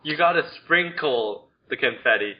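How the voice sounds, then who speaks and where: Podcast co-host, relaxed everyday man, casual movie talk, dull recording with faint noise. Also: mid-range voice, normal speed. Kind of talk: casual movie-review chat.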